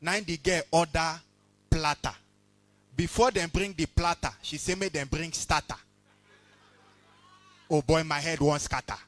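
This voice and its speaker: A man doing relaxed stand-up, teasing audience members. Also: fairly high pitch, measured pace, pauses often, no echo. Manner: relaxed, teasing crowd work. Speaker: stand-up comedian. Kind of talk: stand-up comedy set with crowd work. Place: comedy awards stage before a live audience.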